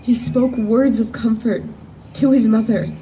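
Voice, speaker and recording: A woman in a church performing a monologue as a grief-stricken woman disciple at the empty tomb. She speaks earnestly and in measured phrases, with emphatic repetitions. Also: fairly high pitch, steady tone, mellow, a little hiss or hum, natural voice. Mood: sorrowful. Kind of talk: dramatic first-person monologue. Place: church service at sunrise. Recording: distant voice with faint room ambience.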